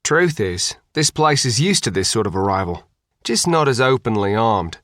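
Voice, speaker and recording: A man voicing a calm adult man who leads a security team, speaking in a dry, matter-of-fact way. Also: on the low side, moderate pace, no room sound. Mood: steady. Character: calm adult male security-minded leader.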